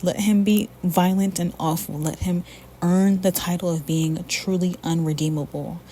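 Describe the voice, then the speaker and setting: Woman, low pitch, blunt and profane, casual commentary rant, faint hiss behind. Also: steady tone, moderate pace, mellow. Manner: blunt, profane, ranting then chatty. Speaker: commentary video creator.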